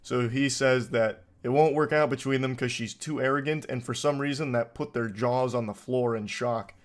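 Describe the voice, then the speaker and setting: Man, mid-pitched, dry sarcastic reader of online posts, incredulous asides. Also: fairly even intonation, normal speed. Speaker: commentator reading online posts. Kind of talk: sarcastic reaction commentary.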